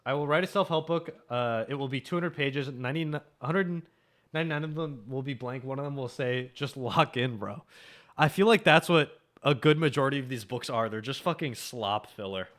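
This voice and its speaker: A man's voice: medium pitch, normal speed, fairly bright tone. A young man streaming a game, chatting and joking casually with his viewers, swearing freely. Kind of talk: casual live-stream chat.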